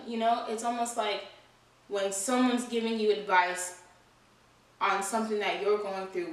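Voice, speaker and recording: A woman's voice: medium pitch, fairly bright tone, recorded from a distance. A young woman vlogging candidly and earnestly about her life, talking in a loose conversational way with lots of "you know" and "like". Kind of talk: candid personal vlog. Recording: very echoey room, voice away from mic.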